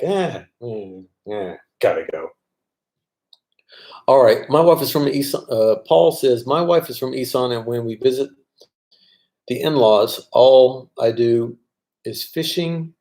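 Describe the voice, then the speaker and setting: Mellow-voiced man chatting on a livestream. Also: medium pitch, unhurried. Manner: relaxed, chatty, reads viewer comments aloud. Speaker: vlogger answering live chat. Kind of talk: casual live-stream chat.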